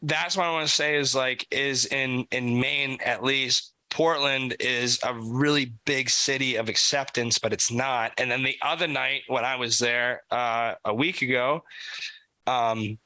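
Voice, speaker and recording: A young man co-hosting a podcast, telling an animated, profane story in casual chat. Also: medium pitch, unhurried, rough recording. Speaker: podcast co-host.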